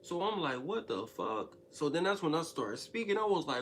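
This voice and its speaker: A man telling a wild personal story in a casual, profane monologue, swinging between loud outbursts and hushed asides. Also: on the high side, sing-song, moderate pace, few pauses, slight background noise.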